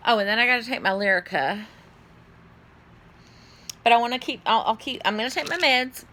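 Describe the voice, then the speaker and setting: A middle-aged woman, chatting casually to camera at home in a rambling way, with sudden high exclamations. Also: fairly quick, pushed and bright. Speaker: vlogger. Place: at home indoors.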